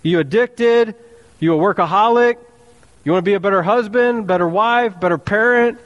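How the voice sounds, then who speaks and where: A high-pitched man preaching a sermon as pastor. He speaks in an animated way, peppering his congregation with rhetorical questions and playful asides. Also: moderate pace, big-room sound, dull audio.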